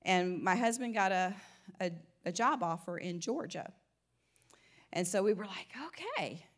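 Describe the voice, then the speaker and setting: Speaking unhurriedly in a lowish voice, this Southern woman delivers a casual Christian teaching with a light twang. She chats easily, laughs a lot, and frequently starts her phrases over.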